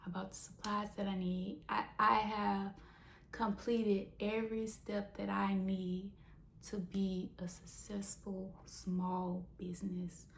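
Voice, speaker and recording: A young woman, a small business owner, telling a story in a casual vlog with animated, mock-dramatic flair. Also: medium pitch, slow pace, vocal fry, a little hiss or hum. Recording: roomy echo.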